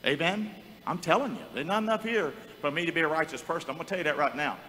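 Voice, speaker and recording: A male pastor preaching a call-and-response sermon to his congregation, rising to shouts and repeatedly calling on them to answer. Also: a little high, lively intonation, fast, a little hiss or hum. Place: church sanctuary. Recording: reverberant church hall.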